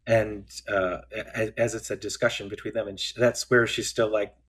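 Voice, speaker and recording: A man co-hosting a casual film discussion podcast, recapping scenes and acting out lines in quick voices. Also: lowish voice, flat delivery. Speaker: podcast co-host.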